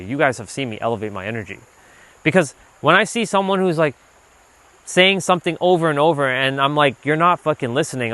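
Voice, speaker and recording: A man hosting a livestream while out on a walk, talking loosely and casually, filling his talk with "like" and now and then letting a swear slip when he gets animated. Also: on the high side, no echo. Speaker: livestream host, self-improvement speaker. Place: outdoors on a walk. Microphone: handheld gimbal rig.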